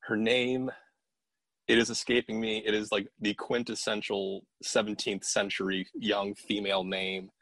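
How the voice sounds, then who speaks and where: Husky low-voiced man telling a ghost story. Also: unhurried, no echo. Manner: animated, swearing, quotes others in his own voice. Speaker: paranormal investigator telling a story. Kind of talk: casual storytelling on a podcast.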